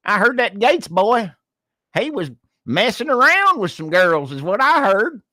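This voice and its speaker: Man doing a Southern redneck yokel, high-pitched, exaggerated drawl, folksy, dry close mic. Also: big pitch swings, fast talker, bright, forceful tone, dry recording, exaggerated voice. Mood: gossipy. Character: loud folksy male Southern redneck newsman.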